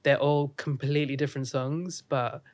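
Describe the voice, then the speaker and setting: A man's voice: mid-range voice, flat delivery, normal speed. A young man from India, a musician guest speaking candidly and reflectively in a casual podcast interview.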